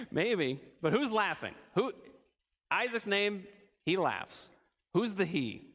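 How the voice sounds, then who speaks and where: A man with a somewhat high voice teaches a church Bible study. He talks casually and keeps quizzing the group with questions as he explains. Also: very animated, slow, a bit bright.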